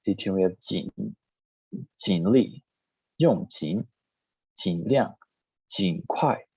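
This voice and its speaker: A man teaching a recorded language lesson, reading word lists one item at a time in a plain, steady way. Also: low voice, slow pace, husky, no room sound. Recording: slightly dull lo-fi recording.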